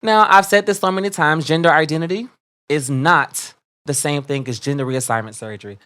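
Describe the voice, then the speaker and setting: A man co-hosting a podcast, ranting in heated, profane commentary with sudden loud outbursts. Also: a little high, a little fast, clear, resonant tone. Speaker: podcast co-host.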